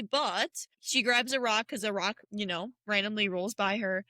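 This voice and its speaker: A young woman co-hosting a podcast, retelling a film in a lively, slangy, joking way. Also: medium pitch, normal speed, dry recording, clean studio sound. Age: young adult. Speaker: podcast co-host. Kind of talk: casual chat.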